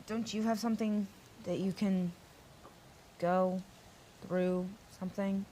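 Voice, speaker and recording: A woman's voice: medium pitch, fairly even intonation, slow, warm tone, slight background noise. A woman playing a tabletop game, making short, hesitant remarks. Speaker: player. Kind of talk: casual tabletop play.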